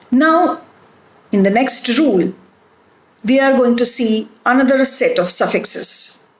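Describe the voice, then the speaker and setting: Slow, deliberate woman lecturing in an echoey room. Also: fairly high pitch, animated. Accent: Indian English. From India. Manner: slow, deliberate, spells out suffixes letter by letter. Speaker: English phonetics lecturer. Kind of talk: recorded phonetics lecture.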